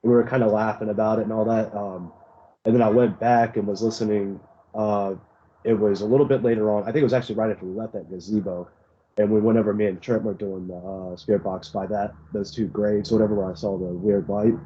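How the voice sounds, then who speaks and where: A man co-hosting a podcast, telling a story in a relaxed, unhurried way with fillers. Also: fairly low pitch, a little hiss or hum. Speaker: podcast co-host. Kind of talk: casual chat. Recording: muffled lo-fi recording.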